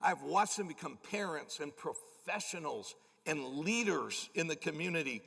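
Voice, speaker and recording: Gravelly pastor in a reverberant church. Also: male voice, on the high side, normal speed, hardly any pauses. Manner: animated, self-deprecating storyteller. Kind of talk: storytelling sermon. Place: large church auditorium. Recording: long church hall reverb.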